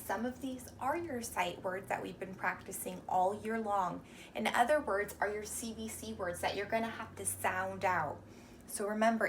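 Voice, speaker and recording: A young woman teacher giving a reading lesson to young children, speaking slowly and encouragingly and sounding out words sound by sound. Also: fairly high pitch, recorded from a distance, slight background noise.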